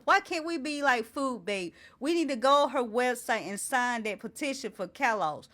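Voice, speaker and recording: A woman's voice: fairly high pitch, lively intonation, normal speed, hardly any pauses, a bit bright. A woman hosting her own talk show, indignantly reading out ingredients and firing off repeated rhetorical questions. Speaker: host. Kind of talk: impassioned to-camera talk.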